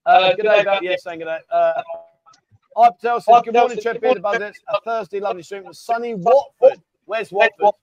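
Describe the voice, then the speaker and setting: Over the noise of a loud crowd, a male livestream host jokes around and pokes fun at his viewers in a relaxed stream. His voice is high and fairly quick, and the audio has a dull, lo-fi quality.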